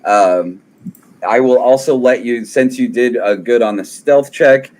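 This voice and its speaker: A man's voice: mid-range voice, a little slow, a little mellow. A man, running a tabletop game as game master in an easygoing, reassuring way.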